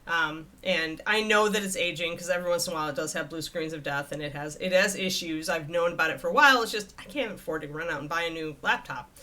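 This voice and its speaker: A woman's voice: lowish voice, fast, few pauses, bright, forceful tone. A woman livestreaming from home, chatting casually and rambling with a laugh while talking into a desk microphone. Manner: chatty, rambling, self-amused. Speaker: livestreamer painting miniatures. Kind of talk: casual live-stream chat. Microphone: desk USB microphone at face level.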